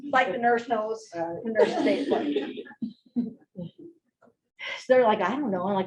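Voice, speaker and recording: A woman giving a training talk, telling a story in an animated way and speaking straight to the audience. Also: on the high side, unhurried, long pauses, a little hiss or hum. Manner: animated, laughing, addresses the audience directly. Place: large room with an audience. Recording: echoey room, voice from a distance.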